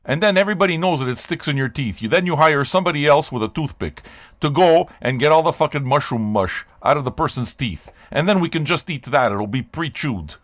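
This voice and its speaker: The man's voice is slightly high, expressive, brisk, and a touch bright. An older Canadian who streams music reactions, he chats loosely with viewers, rambling, swearing, and joking with the chat.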